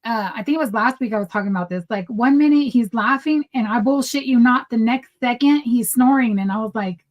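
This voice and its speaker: Animated woman telling stories with a higher voice. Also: quick pace, poor audio. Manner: animated storytelling, acts out quoted dialogue. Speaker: podcast co-host. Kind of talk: casual chat.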